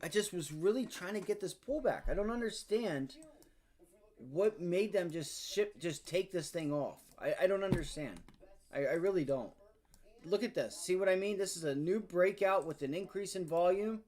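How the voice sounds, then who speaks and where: This day-trading livestream host has a high, darkish voice and talks at a normal pace. Irritated and cursing, he mutters under his breath while speaking to his audience.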